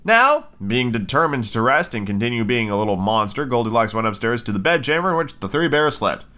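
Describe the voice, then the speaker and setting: A man's voice: medium pitch, very animated, brisk, bright, forceful tone. A man hosting a podcast, casually reading a storybook aloud and breaking off for irreverent, profane commentary. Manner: irreverent, swears freely. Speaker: podcast host.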